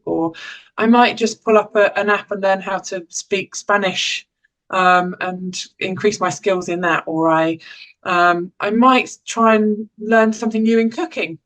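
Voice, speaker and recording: A woman's voice: medium pitch, steady tone, measured pace, a bit bright, poor audio. An English woman in her forties speaks in an easy, conversational way, giving practical well-being advice. She restarts phrases often and slips in small laughs. Her voice sits in a middle range. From England. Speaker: educational psychologist and parent caregiver. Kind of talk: informal talk on well-being.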